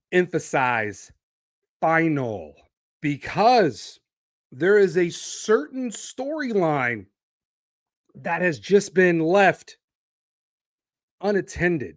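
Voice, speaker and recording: A man's voice: a little high, no room sound, studio quality. A man hosting a solo wrestling podcast, talking animatedly and stretching out names for emphasis. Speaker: podcast host.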